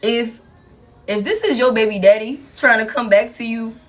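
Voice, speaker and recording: A woman's voice: on the high side, normal speed, faint music behind. A woman, chatting casually to her viewers as she reads tarot cards aloud in a live stream. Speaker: tarot reader.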